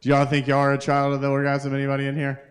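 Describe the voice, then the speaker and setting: A man's voice: medium pitch, monotone, racing. A man hosting a live open mic, doing rambling, self-interrupting crude stand-up to the crowd at a kava bar. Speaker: comedian and open mic host.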